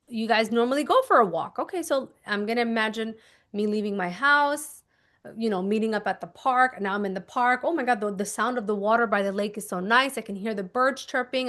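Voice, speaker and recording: A woman manifestation coach talking through her method in a casual teaching monologue. She is emphatic, repeats her instructions and keeps checking in with "okay?". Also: fairly high pitch. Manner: animated, acts out little scenes.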